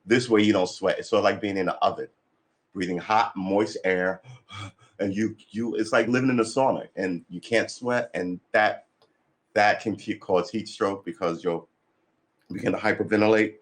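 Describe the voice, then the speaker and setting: A man's voice: on the low side, steady tone, normal speed. A man chatting casually and rambling on his morning livestream, tired and a bit cranky, with lots of sighs and restarts. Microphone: desk mic being adjusted.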